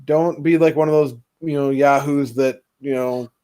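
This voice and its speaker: A man co-hosting a fan podcast, speaking in a halting, joking way with many restarts. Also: mid-range voice, fairly even intonation, mellow, clean tone. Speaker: podcast co-host. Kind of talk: casual chat.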